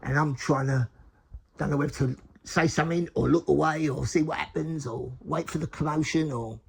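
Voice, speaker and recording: A man's voice: on the high side, fairly even intonation, moderate pace, vocal fry. A man casually telling a personal story, rambling with many restarts and frequent chuckles. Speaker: recovery storyteller.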